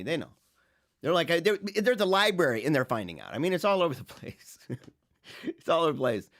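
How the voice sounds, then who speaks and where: A man hosting a casual livestream, talking loosely with frequent restarts and chuckles, swinging from loud and lively to quiet. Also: a little high, quick pace. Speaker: host.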